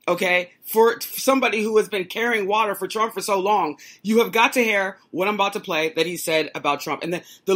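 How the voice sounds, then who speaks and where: A woman hosts a casual political commentary show. Her voice sits at an ordinary pitch with a slightly husky, breathy edge. She sounds incredulous and mocks what she plays, often laughing. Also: fairly bright tone.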